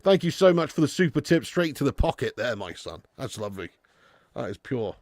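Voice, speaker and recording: A man's voice: medium pitch, big pitch swings, brisk, darkish tone, dry recording, clean studio sound. A man hosting a live football watch-along stream, reading out donations and bantering with viewers in a chatty manner with frequent laughs.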